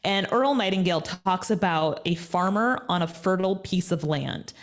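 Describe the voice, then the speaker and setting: A woman guest in an interview, talking in an energetic, emphatic, motivational way. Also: lowish voice, normal speed. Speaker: guest, media personality. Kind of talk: conversational interview.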